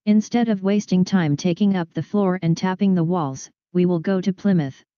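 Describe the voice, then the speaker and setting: A woman voicing a fussy, excitable middle-aged male detective who breaks into French words, in a dull lo-fi recording. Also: lowish voice, moderate pace, no room sound, natural voice. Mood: pleased. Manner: exclamatory, peppered with French words.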